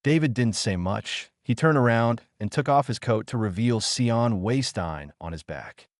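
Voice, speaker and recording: A man reading an audiobook in a steady scripted narration, lifting his voice slightly for quoted lines. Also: medium pitch, measured pace, dry recording, clean studio sound.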